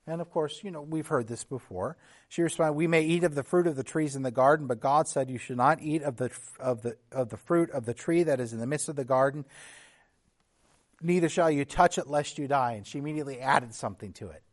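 A man preaching a sermon as a pastor, teaching in an earnest tone, with restarts and occasional throat clearing. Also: on the high side, fairly quick.

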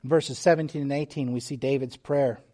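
A man preaching a sermon as pastor, earnest and measured, with restarts and small asides. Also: medium pitch, steady tone, dark tone.

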